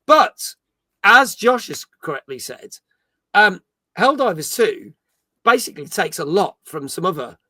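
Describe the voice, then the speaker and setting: Very animated yet a little slow, a middle-aged man with a high, sharp-toned voice hosts a casual gaming live stream as a podcast host. He's chatty and jokey, reading viewer comments aloud. Clean studio sound, no echo.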